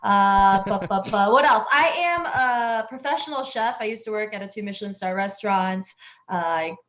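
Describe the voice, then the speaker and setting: A woman's voice: medium pitch, lively intonation, normal speed, fairly bright tone, a little hiss or hum. A woman in her twenties introducing herself as a player, chatting casually and joking at her own expense. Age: 20s. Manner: chatty, self-deprecating and joking. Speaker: player and cooking streamer. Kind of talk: casual chat.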